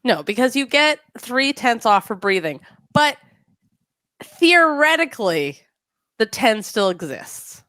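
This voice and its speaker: A woman co-hosting a podcast, chatting casually with quick jokes and asides. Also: a little high, no echo. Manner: animated, joking, quick asides. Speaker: podcast co-host. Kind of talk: casual chat.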